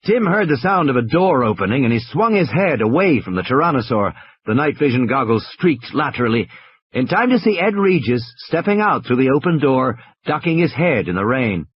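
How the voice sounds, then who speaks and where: A husky-voiced man narrating a story dramatically, his pitch rising and falling freely. The audio is dull and lo-fi, and the pacing swings with the tension. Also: very animated, fairly quick. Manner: dramatic, with tense swings in pace. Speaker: audiobook reader.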